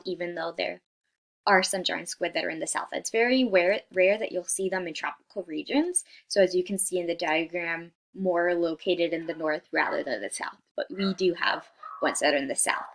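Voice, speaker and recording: In a voice on the low side and at normal speed, a young woman acting as student presenter runs through a class slideshow. She is chatty and relaxed, uses many fillers and frequent "right?", and apologizes as she trips over hard scientific words.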